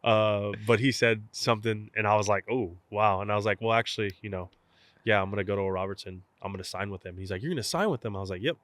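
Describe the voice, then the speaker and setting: A man's voice: fairly low pitch, quick pace, a little hiss or hum. A young man, a guest from South Texas, casually telling a story in an interview and acting out both sides of old conversations. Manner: animated storyteller, acts out both sides of phone calls. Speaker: guest, professional baseball catcher.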